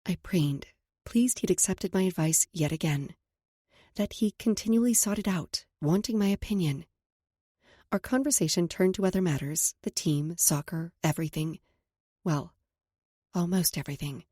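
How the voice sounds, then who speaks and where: A woman narrating a romance audiobook in the first person, reading in a soft, intimate way. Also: fairly low pitch, normal speed, husky, dry recording, clean studio sound.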